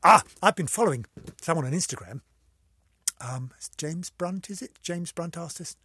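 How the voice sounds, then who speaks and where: A man's voice: on the high side, lively intonation, moderate pace, sharp tone, husky, dry recording, clean studio sound. A man hosting a solo podcast, rambling and easily distracted, with a theatrical, exclamatory delivery and frequent giggles. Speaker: podcast host. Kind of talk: casual solo podcast chat.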